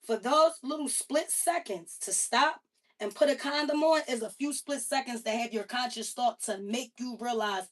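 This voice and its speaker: High-voiced woman ranting on a livestream. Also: moderate pace. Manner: emphatic, heavily profane, animated storytelling. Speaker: livestream host. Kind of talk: casual livestream rant. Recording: voice a bit far from the mic.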